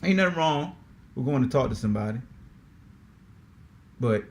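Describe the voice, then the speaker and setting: A man hosting a sports podcast in a casual, slangy, animated way, often repeating himself. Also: medium pitch, normal speed. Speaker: podcast host.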